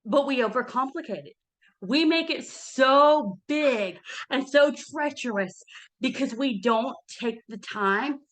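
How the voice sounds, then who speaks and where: A woman's voice: high-pitched, slow pace. A middle-aged woman giving money advice in a casual motivational talk, earnest and emphatic, often checking in with "okay?".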